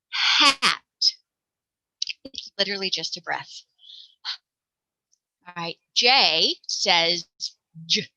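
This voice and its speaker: American woman teacher, slow and patient, very bright tone, dry close sound. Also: mid-range voice, dry recording, poor audio. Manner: patient, demonstrates sounds aloud. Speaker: reading teacher. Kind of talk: explaining letter sounds to parents.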